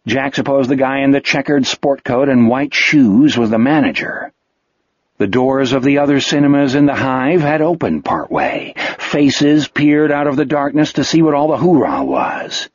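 A man narrating an audiobook in an expressive, vivid storytelling manner. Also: mid-range voice, moderate pace, dry recording. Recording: dull lo-fi dry recording.

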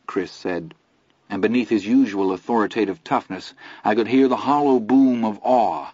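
A man reading a first-person story aloud in a measured, low-key way. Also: darkish tone, breathy edge, no echo. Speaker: audiobook narrator. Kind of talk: scripted first-person narration. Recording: dull lo-fi audio, dry.

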